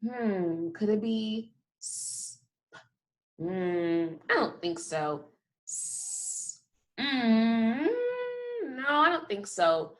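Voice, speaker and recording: A woman teaching a kindergarten phonics lesson, sounding out letters slowly and praising often. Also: medium pitch, expressive. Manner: slow, drawn-out sounding of letters with frequent praise. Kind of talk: phonics lesson for young children.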